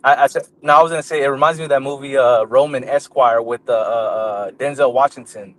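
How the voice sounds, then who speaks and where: A man's voice: mid-range voice, fairly quick, fairly bright tone, slight background noise. A man speaking as a guest in a casual livestream chat over a remote call, laid-back and thoughtful, with frequent fillers.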